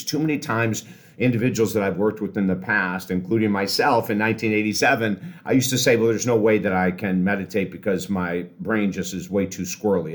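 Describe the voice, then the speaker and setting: Energetic, low-voiced male podcast host. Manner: energetic and encouraging, slowing to a soft calm voice for breathing cues. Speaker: podcast host and life coach. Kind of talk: motivational talk with guided meditation.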